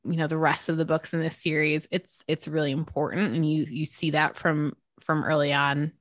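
A woman co-hosting a casual book discussion, talking in a gushing, excitable way with many fillers. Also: low voice, moderate pace, no room sound, clean studio sound. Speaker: book podcast co-host.

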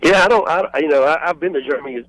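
A man's voice: fairly high pitch, fast, fairly bright tone, dry recording, rough recording. A man calling in to a radio show, talking casually and hesitantly with many fillers. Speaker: caller. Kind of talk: casual call-in chat. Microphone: phone.

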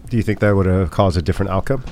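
Deep-voiced, fast-talking male interviewer. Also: darkish tone. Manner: asks long probing questions, brief "yeah" replies. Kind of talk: interview questions.

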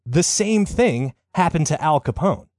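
A man's voice: fairly high pitch, lively intonation, measured pace, a little mellow, no echo, clean studio sound. A man hosting a comedic podcast, telling a story in a crude, joking way. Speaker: host.

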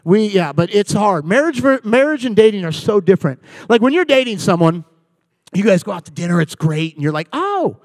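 High-voiced man joking with a congregation. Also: brisk, no echo. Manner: animated storytelling, acting out dialogue and bantering with the audience. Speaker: guest speaker at church. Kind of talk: comedic talk to a live congregation. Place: church service.

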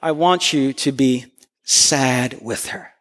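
A man preacher voicing his therapist as a calm, patient man giving slow, deliberate advice. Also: medium pitch, pitched below the performer's own voice. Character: calm, patient male therapist, middle-aged. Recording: long hall reverb.

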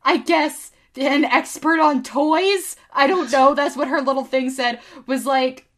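A woman's voice: high voice, unhurried. A woman co-hosting a podcast, telling a story in casual chat with plenty of swearing. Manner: animated storyteller, swears freely. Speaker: podcast co-host.

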